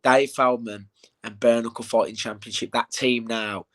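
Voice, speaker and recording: A young man in a casual interview, telling animated stories with plenty of swearing and "mate.". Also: medium pitch, normal speed. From England. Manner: animated storytelling, swears, says "mate" a lot. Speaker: bare-knuckle fighter, interview guest.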